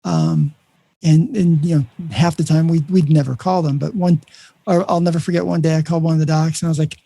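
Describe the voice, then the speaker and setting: A man's voice: a little high, quick pace, gravelly, dry recording. A man hosting a podcast interview, telling a work story and acting out the dialogue in it. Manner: animated storyteller, acts out dialogue. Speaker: podcast host. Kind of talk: conversational interview.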